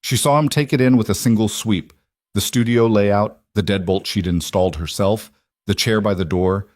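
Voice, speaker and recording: A man narrates a story in a steady, scripted way. His voice is on the low side for a man. The recording is close and dry, with no room sound. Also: moderate pace, no echo.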